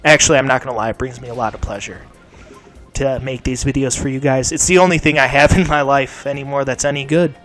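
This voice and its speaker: A young man vents in an angry, profane rant, dropping to low mutters and then bursting into shouts. His mouth is sore, and his voice sits at a middle pitch. Faint music plays behind him. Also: steady tone, fast talker. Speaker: gaming channel host. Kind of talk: angry vent to camera.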